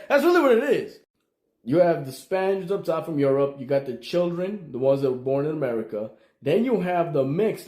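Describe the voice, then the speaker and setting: A man's voice: mid-range voice, a little mellow, roomy sound. A man from El Salvador giving a heated social-commentary monologue, repeating his points with emphasis.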